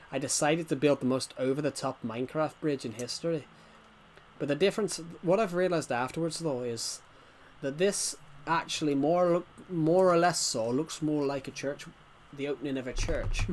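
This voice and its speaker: A man's voice: on the high side, slight background noise. A man casually chatting to viewers while streaming a game, rambling and restarting sentences as he reacts to the chat. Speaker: game livestreamer.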